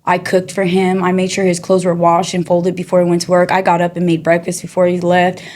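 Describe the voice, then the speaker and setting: Woman telling a hard story, chatty and animated. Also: on the low side, fairly quick, slight background noise. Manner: animated storyteller, acts out the people in her story; chatty and streetwise, often says "you know" and "girl". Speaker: guest sharing her testimony. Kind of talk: casual testimony storytelling.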